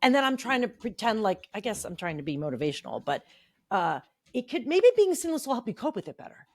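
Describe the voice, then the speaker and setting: A woman's voice: medium pitch, quick pace, no room sound. A woman in her forties co-hosting a casual podcast, reading her teenage diary aloud and mocking it with profanity. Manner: animated, profane, self-mocking. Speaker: podcast co-host.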